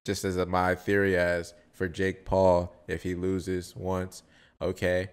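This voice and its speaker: A man's voice: low voice, monotone, slow, clean tone. Laid-back young man in casual chat. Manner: laid-back, trails off, repeats words while thinking. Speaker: podcast co-host.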